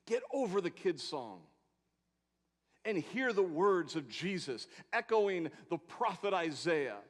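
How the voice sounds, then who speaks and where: A man preaching a sermon, swinging between loud emphatic proclamations and quiet asides, with rhetorical questions and long lists. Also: high-pitched, very animated, slow. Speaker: pastor. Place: church sanctuary. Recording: long hall reverb in a church.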